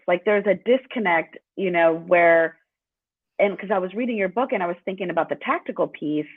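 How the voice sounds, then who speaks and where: A woman hosts a casual podcast interview, her voice sitting a little low. She comes through a narrow, tinny phone-like line with a dry sound, and she asks long, winding questions with plenty of fillers. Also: moderate pace, dry recording. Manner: rambling questions with many fillers. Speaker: podcast host.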